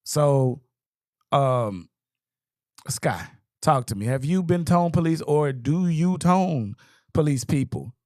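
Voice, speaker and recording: A man's voice: fairly high pitch, expressive, slow pace, long pauses, darkish tone, dry recording, studio quality. A man hosting a casual talk show, reading out a definition and then prompting his guests. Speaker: host. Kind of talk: casual chat.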